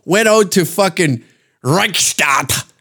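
Male podcast host, slightly high voice, swears freely, rambling mocking rants. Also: expressive, slow pace, bright, forceful tone. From Canada. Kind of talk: casual podcast rant.

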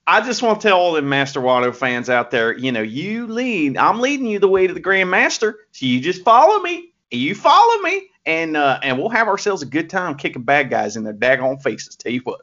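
A man's voice: fairly high pitch, very animated, brisk, hardly any pauses, a bit bright, lo-fi sound. A man putting on the voice of a cocky young male pro wrestler, swaggering and jokey, with a put-on Southern US drawl.

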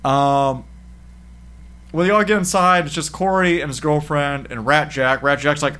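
A man's voice: on the high side, fairly even intonation, moderate pace, a bit bright, clear, resonant tone. A man casually recapping a horror movie with a friend, laughing often, swearing, and acting out the characters' lines. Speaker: podcast co-host.

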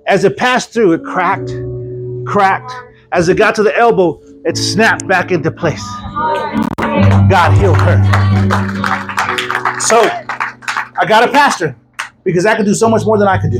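A man preaching a sermon as an evangelist at a church service, telling stories in a lively, joking way. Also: high-pitched, measured pace, pauses often, music in the background, low-quality recording. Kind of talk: sermon with storytelling.

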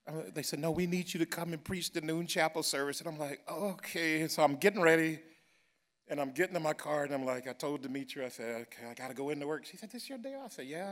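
A man preaching, telling a personal story that builds into loud, drawn-out praise. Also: on the high side. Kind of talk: sermon testimony. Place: church.

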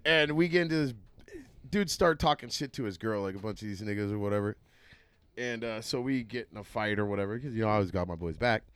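A young adult man telling profane stories in casual chat, laughing often and talking in an animated way. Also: lowish voice, fast, clean tone, no room sound.

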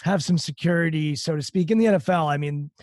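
Male host, higher-pitched, dry recording, thoughtful and casual questions. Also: quick pace, a little mellow, no echo. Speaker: interviewer. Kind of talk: casual interview.

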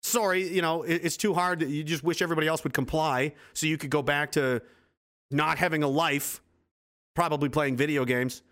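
Man in his twenties, streamer, heated and sarcastic, swears a lot, fairly high voice. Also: fairly even intonation, a little fast, a bit bright. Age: 20s. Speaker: livestream host. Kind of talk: angry political rant on a livestream.

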